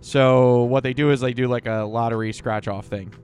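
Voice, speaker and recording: A man's voice: medium pitch, steady tone, moderate pace, darkish tone, clean tone, lo-fi sound, faint music behind. Dry-witted man co-hosting a podcast. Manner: dry, teasing comebacks. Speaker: podcast co-host. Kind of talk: casual chat. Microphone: studio mic.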